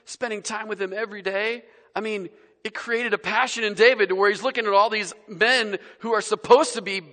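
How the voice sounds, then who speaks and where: Bright-voiced preacher in an echoing hall. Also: male voice, high-pitched. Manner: conversational, shifting between loud emphasis and soft near-whispers. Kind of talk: casual sermon. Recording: long reverb of a large hall.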